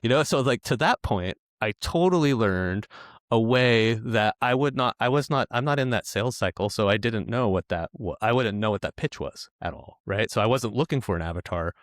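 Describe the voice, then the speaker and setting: A man with a low voice tells stories in a loose, rambling way. He restarts his sentences often and trips over his words. The sound is dry and close to the mic. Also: animated, moderate pace, no room sound. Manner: rambling storyteller with many restarts and stammers. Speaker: developer educator, guest. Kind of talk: casual podcast conversation.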